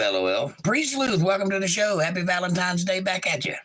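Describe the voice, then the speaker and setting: A man's voice: sits high, animated, brisk, sharp tone, poor audio. A man with a Georgia Southern accent hosting a casual livestream, reading viewer comments aloud and answering them in a laid-back way. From Georgia, USA. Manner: laid-back, reads chat messages aloud and replies. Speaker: livestream host.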